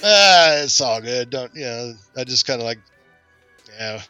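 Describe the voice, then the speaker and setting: A man's voice: medium pitch, unhurried, clear, resonant tone, faint music behind. A man hosting a podcast, telling a long story in casual chat and acting out the voices of the people in it. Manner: animated, acts out quoted voices in his stories. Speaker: podcast host.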